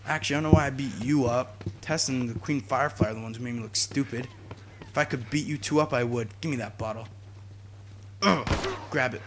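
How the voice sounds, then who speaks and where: A young man giving jokey, excitable commentary while playing a video game, talking to his viewers and yelling at enemies. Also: medium pitch, a little fast, over loud music. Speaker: gaming YouTuber. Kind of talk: let's play commentary.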